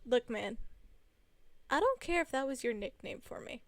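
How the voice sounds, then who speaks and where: A woman's voice: high-pitched, sing-song, normal speed, no echo. A young adult woman in casual storytime narration, chatty and rambling with many fillers.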